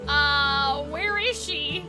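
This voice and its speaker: A woman's voice: high voice, very slow, over music. A young woman streamer chatting while reading game text aloud and reacting to chat.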